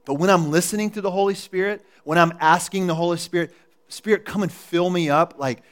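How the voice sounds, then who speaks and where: A man's voice: high-pitched, fairly quick. Man preaching a casual sermon. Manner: casual, storytelling, laughs at own jokes. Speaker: pastor. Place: church.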